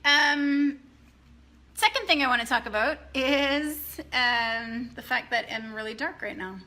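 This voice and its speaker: A woman's voice: on the high side, normal speed, bright, forceful tone. A woman coaching her business team in a casual live video at night, greeting viewers by name and talking loosely. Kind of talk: casual live-stream chat to followers. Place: dim room at night.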